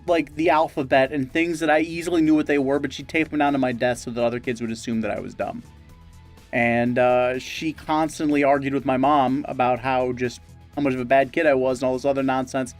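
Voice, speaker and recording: A man co-hosting a casual gaming-channel chat, telling stories and deadpan absurd jokes. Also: on the high side. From Great Lakes region, US. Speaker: co-host.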